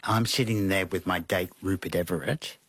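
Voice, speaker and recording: A man, a guest in an interview, telling animated stories and acting out quotes with laughs. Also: sits low, moderate pace, husky, no room sound. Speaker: interview guest, costume designer. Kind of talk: conversational storytelling.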